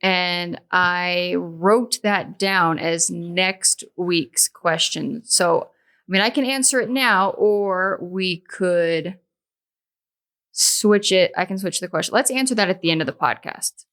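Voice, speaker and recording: A woman's voice: on the low side, takes it slowly, fairly bright tone. A woman co-hosting a podcast, chatting playfully and reading from her notes. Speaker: podcast co-host. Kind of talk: casual chat.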